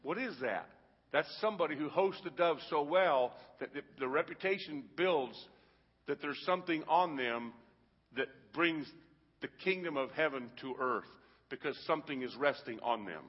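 A man preaching a sermon to a congregation, in a rhythmic, repetitive style that builds to loud peaks. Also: a little high, expressive, moderate pace, breathy edge, long reverb tail, muffled recording. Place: large hall with a congregation.

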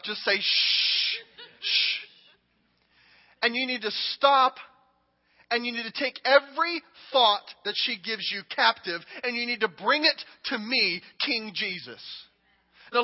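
A man preaching a sermon and acting out a king speaking, dramatic and emphatic, moving between hushed lines and shouting. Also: very high voice, moderate pace. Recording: long hall reverb, dull audio.

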